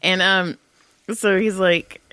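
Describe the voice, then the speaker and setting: A woman's voice: on the low side, fairly even intonation, takes it slowly, bright, forceful tone, clear, resonant tone, no room sound. A woman co-hosting a podcast, telling a story casually with frequent laughter and swearing. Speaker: podcast co-host. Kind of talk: casual chat.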